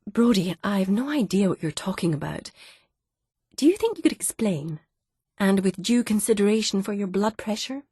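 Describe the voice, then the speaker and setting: A woman voicing a calm, patient middle-aged wife who soothes her husband with soft, gentle teasing in an audiobook. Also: medium pitch, normal speed, husky, no room sound, clean studio sound, pitched above the performer's own voice. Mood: soothing.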